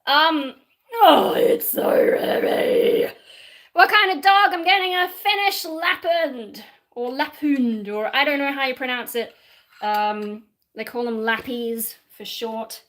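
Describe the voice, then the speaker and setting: A woman's voice: sits high, fairly even intonation, a little slow, bright, forceful tone, poor audio. An Australian woman in her twenties or thirties chatting casually on a live stream at home while she cleans, rambling and poking fun at herself. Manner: rambling, self-deprecating, swears and laughs mid-sentence. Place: home room with shelves, indoors.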